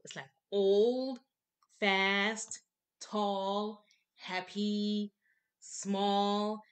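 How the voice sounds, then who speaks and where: Brief: woman English teacher, unhurried delivery, patient and emphatic, repeats each step. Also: medium pitch, fairly even intonation. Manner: patient, repetitive, emphatic explanations. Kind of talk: classroom grammar lesson.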